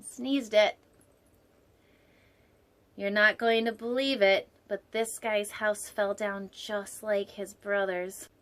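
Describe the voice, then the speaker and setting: A woman's voice: fairly high pitch, bright, forceful tone. A woman hosting a storytime show, reading a picture book aloud and breaking off for playful, digressive jokes, sometimes dropping to a whisper for an aside. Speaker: storytime host.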